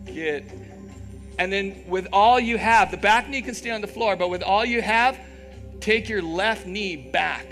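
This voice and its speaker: A man's voice: high voice, a little slow, fairly bright tone, soft background music. A man teaching a live yoga class, giving encouraging cues, checking in with "okay?", and making playful asides.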